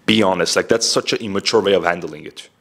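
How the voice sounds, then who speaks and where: A young man with a lowish voice talks straight to the camera in a relaxed advice vlog. He is direct and chatty and keeps dropping "like" and "bro" between points. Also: fast. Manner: direct, heavy use of "like" and "bro". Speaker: self-improvement vlogger.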